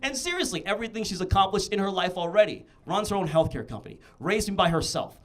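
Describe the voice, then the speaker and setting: A male stand-up comedian performing a set, telling animated stories that build into shouted rants. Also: high-pitched, fast talker.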